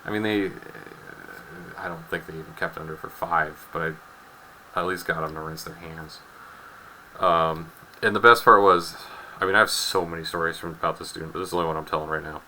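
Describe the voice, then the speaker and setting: A man's voice: sits low, steady tone, brisk, bright, forceful tone, slight background noise, low-quality recording. A man in his twenties, a chemistry teacher telling a wry classroom story and then working through a problem. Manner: wry storytelling, acts out students' voices. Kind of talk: recorded chemistry lesson with anecdote.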